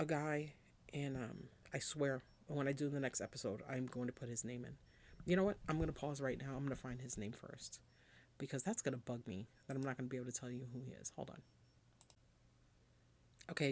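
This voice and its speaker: A woman's voice: sits low, darkish tone, slight background noise. A woman, hosting a podcast as a casual, rambling monologue, blunt and chatty with casual swearing. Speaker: podcast host.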